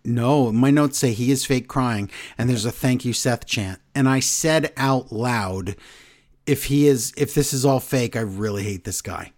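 A man hosting a casual wrestling podcast, recapping the show in excited, animated bursts. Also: medium pitch, a little slow. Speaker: podcast host.

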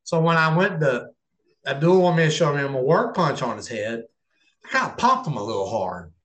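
A man's voice: on the high side, sing-song, normal speed, a bit bright. A man, a professional wrestler, telling stories in a casual interview, rambling with many restarts. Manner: rambling, restarts, acts out quotes. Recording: echoey room.

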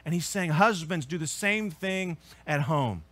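A man preaching as pastor, earnest and emphatic, swelling to loud peaks and then dropping low and quiet. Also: lively intonation, a little slow, no room sound. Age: adult with children. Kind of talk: sermon.

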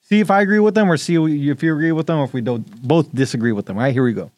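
A man co-hosting a podcast in casual chat, playful and quick to laugh. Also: a little high, no echo, clean studio sound. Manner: laughs often, playful and animated. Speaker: podcast co-host.

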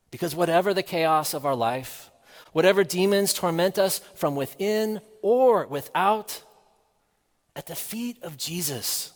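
A man preaching a sermon in a measured, earnest way, asking the listeners rhetorical questions. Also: fairly high pitch, in a large hall.

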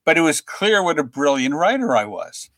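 A middle-aged man, a comic book writer guest, telling anecdotes in a lively way and acting out the lines of the people in them. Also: a little high, moderate pace, no room sound. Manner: lively storyteller who acts out other people's lines.

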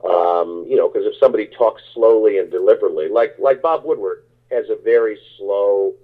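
Husky low-voiced man over a tinny line. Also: brisk. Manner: rambling, many restarts and fillers. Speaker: actor guest. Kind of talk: casual interview answers.

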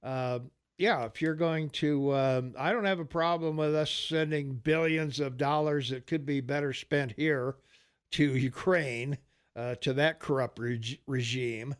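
A man's voice: medium pitch, unhurried, clear, resonant tone. An older man hosting a talk radio show, rambling through political banter with lots of fillers and easy laughter.

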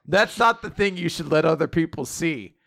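A man's voice: fairly high pitch, lively intonation, moderate pace, creaky, fairly bright tone. A man voicing a blunt, scornful young male mage who mocks his rival while recapping a comic.

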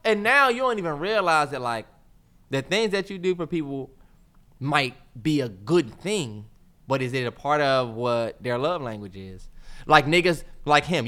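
A man's voice: a little high, normal speed. A man co-hosting a casual podcast, talking animatedly in bursts, cutting in over his co-host and putting on voices for effect. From United States. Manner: animated, talks over others, mock voices and yelling bursts.

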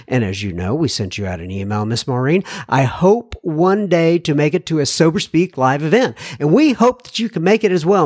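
A man hosting a podcast, reading listener emails aloud in a casual monologue with joking asides and lively jumps in pitch. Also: no room sound, clean studio sound. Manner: chatty, joking asides, animated swings in pitch.

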